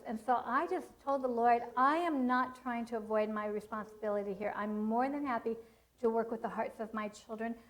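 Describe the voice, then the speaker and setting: On a low-quality recording, a middle-aged woman with a slightly high voice presents a parenting seminar. Her earnest teaching draws on personal stories, with quotes she acts out.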